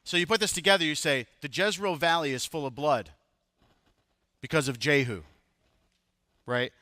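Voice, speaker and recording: A man in his thirties preaches with a bright, forceful voice pitched a little high, keeping it chatty and joking. The sound is close and dry. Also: moderate pace, no echo. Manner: conversational, jokes with the congregation. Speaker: pastor. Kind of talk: sermon.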